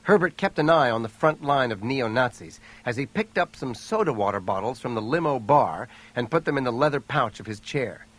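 Man, audiobook narrator, mid-range pitch, steady storytelling. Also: fairly quick, few pauses. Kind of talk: scripted narration.

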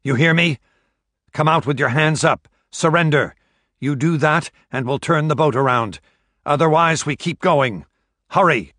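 A man narrating an audiobook voices a ruthless male captor, giving loud, clipped commands across a boat deck. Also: lowish voice, moderate pace, dry recording, studio quality. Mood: commanding.

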